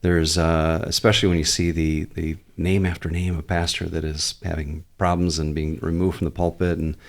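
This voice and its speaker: A pastor with a notably low male voice chats at a moderate pace in a relaxed podcast interview. He explains at length and restarts his points frequently as he thinks aloud, staying earnest and conversational while letting in some easy humor.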